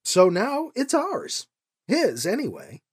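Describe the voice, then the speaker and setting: A woman's voice: on the high side, huge pitch swings, takes it slowly, husky, voice pushed up, exaggerated voice. A woman voicing a blunt, defensive woman soldier and business manager who talks tersely.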